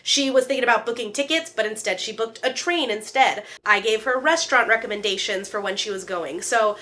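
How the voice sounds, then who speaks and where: Woman, 30s, vlogger, casual chit-chat, bright tone, playful asides. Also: fairly high pitch, fairly quick. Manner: chatty, animated, jokey asides and playful put-on voices.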